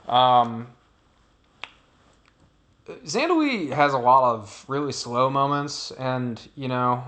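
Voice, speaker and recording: This man's mid-range voice is a bit bright as he casually talks over his gameplay. He wanders off on tangents and leaves sentences trailing.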